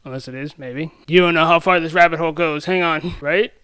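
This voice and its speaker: A young man doing a rambling, excitable commentary rant, tripping over himself with restarts and asides. His voice is smooth and resonant, recorded close and dry with no room sound. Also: on the high side, brisk, dry recording. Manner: rambling and excitable, many restarts and self-interruptions. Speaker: YouTube commentator. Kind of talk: ranting pop-culture commentary.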